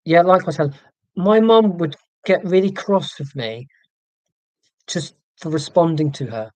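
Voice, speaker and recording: A man's voice: on the high side, animated, a little slow, no room sound. A man in his forties, chatting to a live-stream audience in a rambling, self-deprecating way, restarting sentences often. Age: 40s. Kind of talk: casual live-stream chat. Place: indoors at home. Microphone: laptop microphone.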